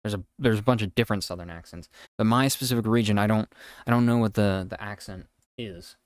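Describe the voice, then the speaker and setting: Low-voiced man thinking aloud while coding. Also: brisk, clear, resonant tone, no room sound, studio quality. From United States East Coast. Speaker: streamer. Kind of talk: casual live coding stream chat.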